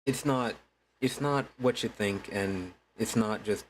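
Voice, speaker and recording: A man's voice: fairly low pitch, animated, normal speed, a little hiss or hum, rough recording. A man chatting casually to his viewers during a game stream, laid-back and swearing freely. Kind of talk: casual gaming stream chat.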